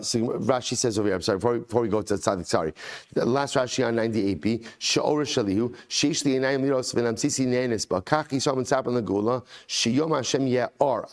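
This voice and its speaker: A rabbi teaching his daily Talmud class, his voice sitting right in the middle of the usual male pitch range. He chants each passage of the text, then switches to a relaxed, conversational English explanation. He often repeats a phrase to stress a point and builds up real excitement as he goes. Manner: enthusiastic, repeats phrases for emphasis.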